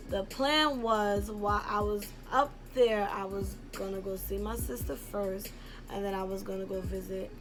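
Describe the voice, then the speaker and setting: A young woman from Brooklyn tells a personal story in a casual, rambling way, full of "like" and "um". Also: mid-range voice. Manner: candid and rambling, heavy on "like" and "um". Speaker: YouTuber telling a personal story.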